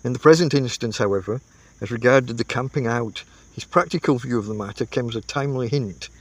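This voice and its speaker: A man reading a classic comic novel aloud as an audiobook, telling it in an unhurried, expressive way. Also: mid-range voice. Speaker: audiobook reader.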